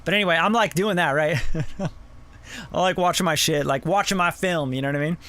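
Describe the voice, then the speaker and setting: A man's voice: fairly high pitch, fairly quick, a bit bright. A man producer giving loose, profane feedback on songs in a casual live-stream review. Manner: loose and profane, lots of "like" and "bro".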